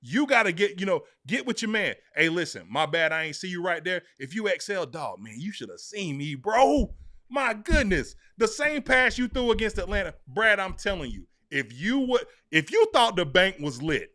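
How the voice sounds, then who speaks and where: A man co-hosting a sports podcast, talking emphatically and excitably to his co-host. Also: high voice, moderate pace. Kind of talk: animated sports talk.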